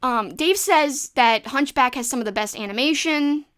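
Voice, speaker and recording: New orleans accent woman rambling on her livestream, kinda high voice, chatty asides. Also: normal speed, fairly bright tone, clear, resonant tone. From New Orleans, Louisiana. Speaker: livestream host. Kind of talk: casual livestream chat reading viewer comments.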